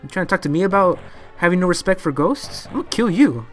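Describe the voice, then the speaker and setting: Excitable man narrating his gameplay. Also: sits high, fast, soft background music. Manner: excitable, talks to himself while playing. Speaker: let's play gamer. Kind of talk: live gameplay commentary.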